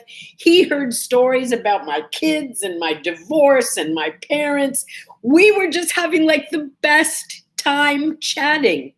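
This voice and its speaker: A woman hosting a casual morning vlog, telling a personal story in a chatty, animated way and feeling a bit under the weather. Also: high voice. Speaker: vlog host.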